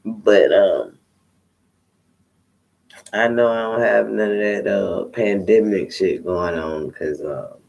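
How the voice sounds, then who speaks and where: A man's voice: on the low side, slow, gravelly, long pauses, a little mellow, highs cut off. A tired man, a tarot reader, chatting to viewers in a candid, rambling way with plenty of swearing. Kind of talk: casual unscripted chat to viewers.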